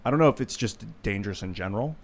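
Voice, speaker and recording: A man's voice: lowish voice, expressive, rapid-fire. A man on a casual panel discussion, speaking hesitantly and searching for his words.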